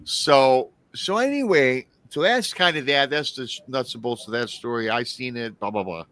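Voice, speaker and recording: A man's voice: medium pitch, animated, moderate pace, fairly bright tone. A man in his forties hosting a live talk show, telling a story casually, with many restarts and asides to his listeners. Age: 40s. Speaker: show host.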